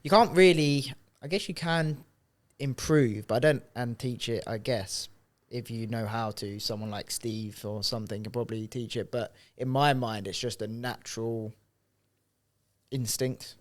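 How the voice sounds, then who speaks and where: A man's voice: medium pitch, steady tone, unhurried. A man co-hosting a podcast, chatting casually in a reflective way that often trails off and restarts. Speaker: podcast co-host.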